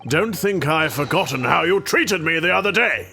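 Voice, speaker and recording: A man's voice: on the high side, animated, moderate pace, creaky, pushed and bright, faint music behind, exaggerated voice. A man voicing an indignant, self-important middle-aged male banker juror in a video game playthrough.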